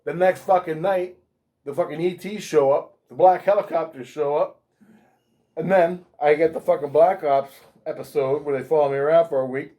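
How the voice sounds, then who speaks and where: A man telling a story as an interview guest, profane and animated, swearing constantly. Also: a little high, normal speed. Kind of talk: casual storytelling.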